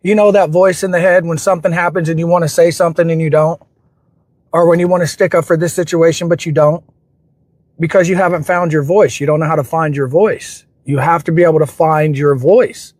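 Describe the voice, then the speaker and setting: A man's voice: a little high, steady tone, a little fast, darkish tone, dry recording. A man with a slightly raised voice hosts a livestream and gives a reflective, motivational talk. He speaks earnestly and often loops back to repeat his phrases, and the sound is close and dry. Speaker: livestream host.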